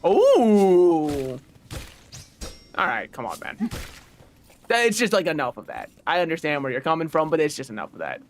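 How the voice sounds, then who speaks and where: A man in his twenties talking casually while streaming a game, animated and laughing, swearing and rambling off on tangents, on a desk mic at home. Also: on the high side, normal speed, pauses often, slight background noise. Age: 20s. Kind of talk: casual gaming livestream chat.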